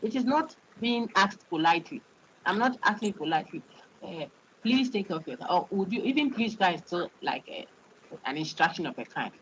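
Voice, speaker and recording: A woman's voice: mid-range voice, very animated, normal speed, a bit bright, slight background noise. A woman with a Ghanaian accent lecturing to a large online class. She repeats words and checks "okay?" as she explains. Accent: Ghanaian English. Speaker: university lecturer. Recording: dull lo-fi online call audio.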